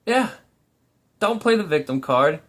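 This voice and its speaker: A man's voice: sits high, expressive, measured pace, a bit bright. A young man vlogging in a blunt, profane, rambling monologue. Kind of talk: casual ranting monologue.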